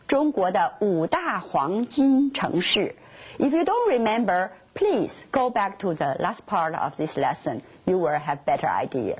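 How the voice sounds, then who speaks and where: A Chinese-speaking woman teaching a language lesson, explaining Mandarin words slowly in careful non-native English. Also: medium pitch, slightly rough, low-quality recording.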